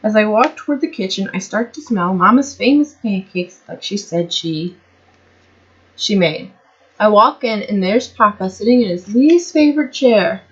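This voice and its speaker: A woman's voice: medium pitch, lively intonation, normal speed, dull audio. Woman reading her story aloud, stumbling. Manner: stumbles and restarts often, comments on her own slips. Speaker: amateur storyteller.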